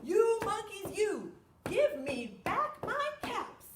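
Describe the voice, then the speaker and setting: A woman voicing an angry male hat peddler in a storybook, shouting his lines slowly in a raised voice. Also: big pitch swings, reverberant, very noisy, full character voice. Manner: shouting, high and slow.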